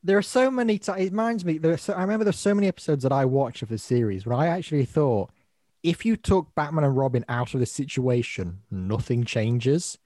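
A man's voice: a little high, expressive, brisk, darkish tone, no echo, studio quality. A man co-hosting a podcast, chatting casually and laughing as he retells favourite lines. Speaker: podcast co-host. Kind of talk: casual chat.

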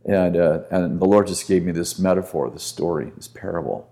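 A man's voice: deep voice, normal speed, warm tone. A man speaking as a guest minister on a podcast, telling a story earnestly and with conviction.

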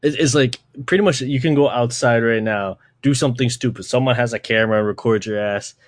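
In casual podcast chat, the young male host talks in a slangy, meandering way, cursing and saying "like" nonstop. He speaks fairly quickly at a medium pitch, and the sound is dry and clean, like a studio.

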